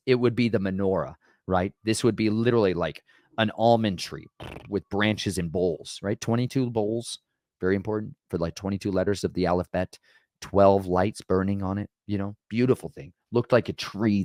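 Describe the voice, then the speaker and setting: Male host, lower register, dry close sound; casual, emphatic Bible storyteller. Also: animated, normal speed, no echo. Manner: conversational, keeps asking "right?"; emphatic and dramatic. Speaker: podcast host.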